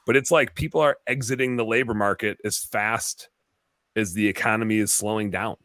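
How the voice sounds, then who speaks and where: A man's voice: lowish voice, fairly even intonation, fairly quick, fairly bright tone, no room sound. A man co-hosting a casual live stream, playful and joking as he reads viewer comments. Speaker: co-host reading viewer comments.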